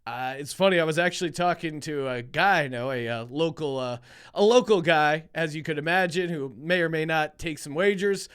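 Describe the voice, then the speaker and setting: A man's voice: on the high side, normal speed, fairly bright tone, clear, resonant tone. A man from Philadelphia hosting a sports-betting podcast, chatty and joking, with frequent restarts. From Philadelphia, USA. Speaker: podcast host.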